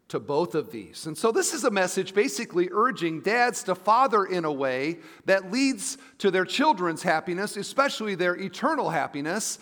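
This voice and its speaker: A middle-aged man, a pastor, giving a conversational sermon, dropping to soft asides and rising to emphatic points. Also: high-pitched. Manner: conversational preaching, shifting between soft asides and emphatic rises. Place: church sanctuary. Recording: long reverb of a large hall.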